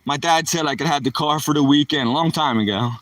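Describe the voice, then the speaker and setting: A man's voice: a little high, fast talker, fairly bright tone, no room sound, distant mic. A man from the Philadelphia area telling rambling stories from his past in loose, casual chat, often tossing in "man" and "you know".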